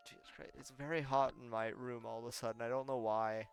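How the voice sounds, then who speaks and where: Streamer guy, wry, swears casually, average pitch, faint game music. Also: fairly even intonation, fast talker, gravelly, few pauses. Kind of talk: casual live game commentary.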